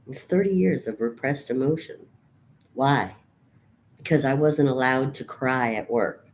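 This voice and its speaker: A middle-aged woman speaks to her camera in a notably low, heavy voice. She vents in a raw, profanity-laced monologue. Her volume swings between quiet brooding and loud outbursts. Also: unhurried. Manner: raw, profane, venting rant. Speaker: vlogger.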